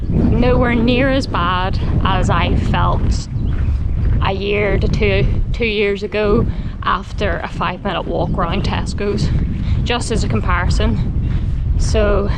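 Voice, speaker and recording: A woman vlogging on a long coastal hike, exhausted but excited, chattering and exclaiming into a handheld camera outdoors. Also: medium pitch, heavy background noise. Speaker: hiker vlogger. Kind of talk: walking vlog. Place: outdoors on a windy coastal trail. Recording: loud music behind voice.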